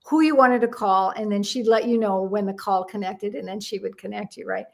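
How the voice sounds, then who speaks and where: An older woman, a guest in an interview, telling anecdotes in an animated way and acting out the dialogue she quotes. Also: mid-range voice, fairly quick, vocal fry. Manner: animated storyteller who acts out quoted dialogue. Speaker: guest numerologist. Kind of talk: casual storytelling interview.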